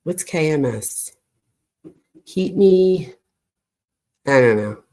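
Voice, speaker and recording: Slow, chatty woman true crime host. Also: deep voice, lively intonation, warm tone. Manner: chatty asides to viewers, incredulous. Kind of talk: casual commentary reading text messages aloud.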